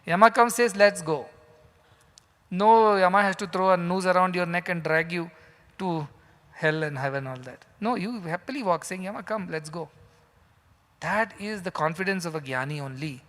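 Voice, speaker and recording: High-voiced man preaching. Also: normal speed, fairly bright tone. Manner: emphatic, uses rhetorical questions. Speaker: spiritual teacher. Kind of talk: sermon. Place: large hall. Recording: long hall reverb.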